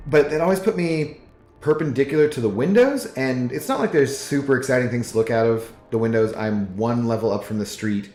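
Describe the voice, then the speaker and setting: A man's voice: mid-range voice, a little fast, a little mellow. A man streaming a game from his apartment, chatting in a laid-back, rambling way and reading viewers' chat aloud. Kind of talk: casual live-stream chat while gaming. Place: apartment living room. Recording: roomy echo with faint music.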